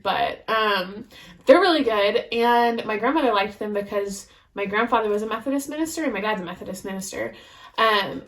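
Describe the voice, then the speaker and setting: A young woman co-hosting a podcast, talking in a relaxed, rambling way full of "um" and "like". Her voice sits in a middle pitch and stays conversational as she tells everyday stories. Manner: chatty, rambling with fillers. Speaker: podcast co-host. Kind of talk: casual chat.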